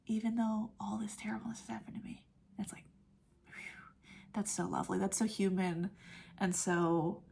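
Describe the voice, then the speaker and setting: A woman gushing through a casual film review, saying "like" often and dropping into soft whispers. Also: mid-range voice, slight background noise. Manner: gushing, heavy use of "like", drops to soft whispers when moved; laughs often mid-sentence. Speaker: movie reviewer.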